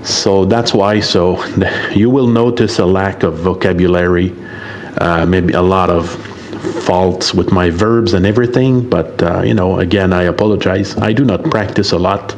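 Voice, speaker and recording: Casting: French-Canadian man, fifties, lowish voice, hesitant and full of fillers, faint hiss behind. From Quebec, Canada. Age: 50s. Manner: halting, hesitant, many fillers, apologetic. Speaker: guest sending a recorded message to a radio show. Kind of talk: self-recorded voice message.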